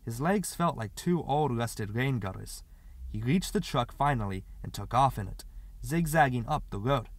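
Brief: male audiobook narrator, mid-pitched, steady and expressive, dry close-miked sound. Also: moderate pace, dry recording. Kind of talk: literary audiobook reading.

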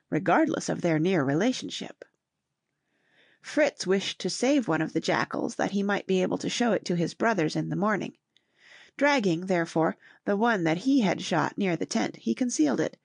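A woman narrates a classic novel as an audiobook, reading at a steady, even pace. Her voice has a gravelly edge. The sound is close and dry. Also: on the low side, no echo.

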